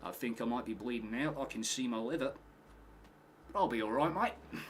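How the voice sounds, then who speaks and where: A man's voice: mid-range voice, a little fast, a little hiss or hum, lightly acted. A man voicing an unbothered, wounded Australian man in a jokey, drawling Australian accent. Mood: nonchalant. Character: laid-back wounded Australian man, shrugging.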